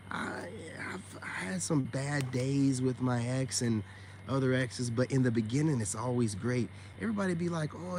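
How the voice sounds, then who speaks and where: A man ranting casually on a livestream, blunt and profane, talking right at his audience. His voice sits at an everyday middle pitch, with a faint hum of noise underneath. He keeps tossing in "man" and "you know what I'm saying.". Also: darkish tone. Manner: blunt and profane, addresses viewers directly. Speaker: online self-help streamer.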